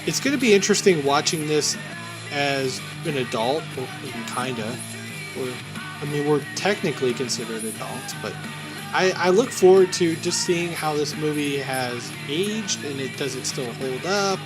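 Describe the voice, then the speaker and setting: A man's voice: fairly high pitch, lively intonation, moderate pace, over loud music. A man co-hosting a casual movie podcast, chatting and previewing upcoming films. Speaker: podcast co-host.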